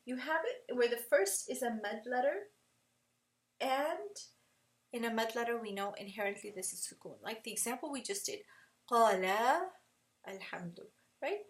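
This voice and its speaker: A woman with a fairly high voice teaches a lesson, explaining step by step. She stands a bit back from the microphone, so the sound is slightly distant. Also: expressive, normal speed. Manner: patient, checks in with "right?". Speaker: tajweed teacher. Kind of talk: explaining at a whiteboard.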